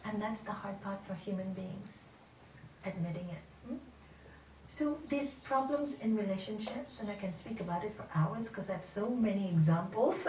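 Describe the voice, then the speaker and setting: Animated woman teaching yoga, far off. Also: on the high side, slight background noise. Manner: animated, asks questions, laughs often. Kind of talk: spiritual talk to an audience. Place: lecture hall. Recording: roomy hall from far off.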